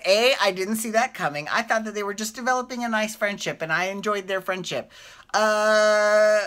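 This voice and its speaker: A woman hosting a soap opera recap vlog, talking in a casual, animated and profane way as she gushes and rants. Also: fairly low pitch.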